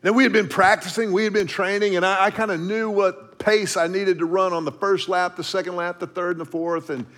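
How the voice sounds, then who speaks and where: A middle-aged man from Texas telling a story in a devotional talk, dropping to a hush for asides. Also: sits high, steady tone, a little fast, few pauses. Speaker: speaker.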